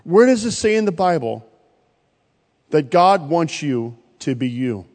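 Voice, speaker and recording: High-voiced pastor in a reverberant hall. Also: male voice, sing-song, a little slow. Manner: preaching with sudden loud rises and quiet drops. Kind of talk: sermon.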